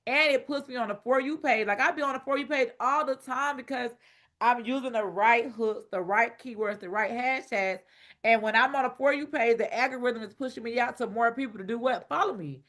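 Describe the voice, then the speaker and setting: Playful, loud woman coaching casually. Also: a little high, brisk. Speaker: online business coach. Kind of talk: teaching a masterclass.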